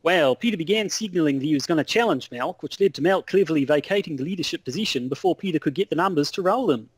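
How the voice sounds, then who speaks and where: A man's voice: fairly high pitch, lively intonation, fast, husky, no echo. A man putting on an Australian accent to play a blustery male news correspondent in a comedic podcast bit. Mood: mock newsy. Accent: put-on Australian. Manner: breaks character, laughs, rambles.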